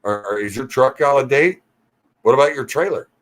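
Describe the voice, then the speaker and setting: Joking truck-talk livestream host. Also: male voice, medium pitch, animated, normal speed, a bit bright. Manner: joking, teasing, reads comments aloud. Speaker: livestream host reading viewer comments. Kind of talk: casual live Q&A chat.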